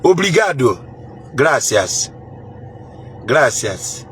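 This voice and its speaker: A man's voice: medium pitch, sing-song, extremely slow, a bit bright, soft background music. A man with a Nigerian accent hosting a casual live chat, reading viewer comments in a playful way, chuckling and repeating phrases.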